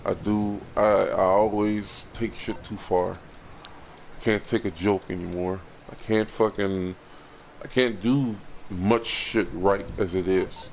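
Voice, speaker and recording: A man records an emotional confessional vlog, plainly frustrated and upset. His low voice halts and circles back over the same words, with swearing mixed in. A faint hum of ambience sits behind him. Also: fairly even intonation, creaky. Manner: halting, repeats words, swears. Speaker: vlogger.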